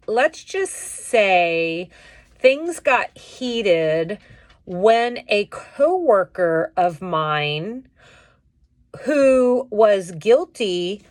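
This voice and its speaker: A woman's voice: fairly low pitch, dry recording. A woman vents indignantly in a casual vlog, taking her time over each phrase. Her voice is close and dry, with no room sound around it. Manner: indignant, venting, animated retelling. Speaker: vlogger.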